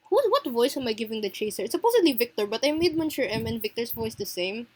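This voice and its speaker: Excitable, high-voiced young woman gamer. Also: fast, hardly any pauses, husky. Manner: emotional, excitable, laughs often. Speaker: game streamer. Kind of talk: let's play commentary.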